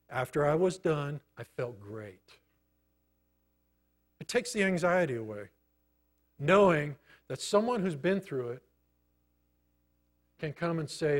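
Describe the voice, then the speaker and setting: A middle-aged man preaching a sermon, telling a personal story in a conversational way with many pauses. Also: fairly high pitch, very animated. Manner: storytelling, conversational, pausing often. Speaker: pastor.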